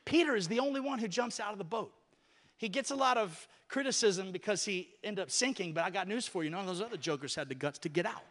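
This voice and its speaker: A male pastor preaching a sermon, telling stories with animated voices that rise to near-shouting at the peaks. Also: sits high, fast talker, in a large hall.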